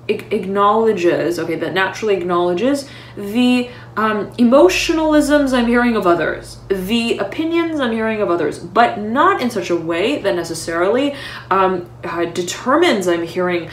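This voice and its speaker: A woman giving an intuitive tarot reading at home, talking haltingly and often pausing to say she is "hearing" words. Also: medium pitch. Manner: halting, keeps repeating "I'm hearing" between words. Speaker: tarot reader. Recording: roomy echo.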